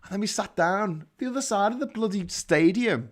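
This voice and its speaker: His voice sits high and sounds expressive as this Liverpool-accented English host talks at normal speed. It's a casual monologue of rambling stories, marked by restarts and mild swearing.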